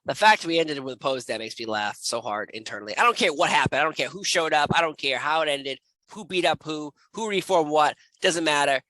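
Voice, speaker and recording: A man with a fairly high voice speaks a little fast, with hardly any pauses, while hosting a casual comedic wrestling reaction show. Animated and jokey, he laughs often and talks close to the mic, in a rough recording with no echo.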